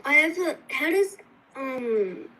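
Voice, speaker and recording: Woman, livestream guest, fairly high voice, hesitant reading, faint background noise. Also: expressive, slow pace, sharp tone, low-quality recording. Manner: hesitant, apologetic, with fillers.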